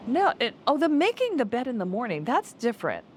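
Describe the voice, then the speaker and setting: Brief: woman podcast co-host, casual home chat, stop-start phrasing, very animated voice. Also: a little high, a little fast, a little hiss or hum. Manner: restarts often, laughs easily. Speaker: podcast co-host, life coach. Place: home basement podcast set.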